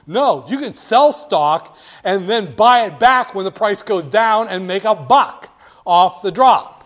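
Animated man lecturing a class. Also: sits high, takes it slowly. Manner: animated, emphatic, swings between quiet and loud. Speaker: instructor.

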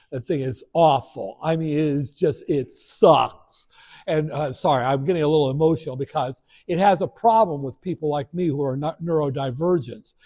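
A middle-aged man lecturing in a classroom, frank and rambling, circling back with fillers and restarts. His voice sits a little high for a man, with a dark, mellow tone. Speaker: college finance instructor. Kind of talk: first-day classroom lecture.

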